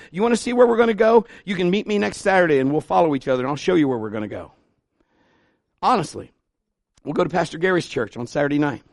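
A man's voice: fairly high pitch, creaky, no room sound, clean studio sound. A man preaching a sermon as pastor in a folksy, conversational way, his voice now and then rising into emphatic bursts.

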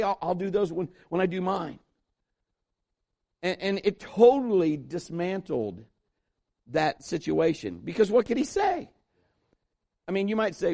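A man's voice: fairly high pitch, moderate pace, creaky. A middle-aged man preaching a sermon, telling a personal story and acting out the voices of the people in it. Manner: animated storytelling preacher, acts out quoted voices. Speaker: pastor.

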